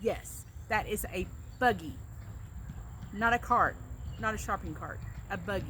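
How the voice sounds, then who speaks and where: A woman's voice: medium pitch, a little slow, noisy background. A woman with a Southern US accent, chatting casually and telling stories with a laugh. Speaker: vlogger doing an accent tag. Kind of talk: casual chat.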